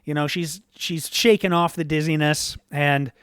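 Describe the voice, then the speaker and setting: Laid-back male game master, unhurried, dry studio sound. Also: on the high side, clear, resonant tone, no room sound. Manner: relaxed, rambling with fillers. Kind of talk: narrating a tabletop game.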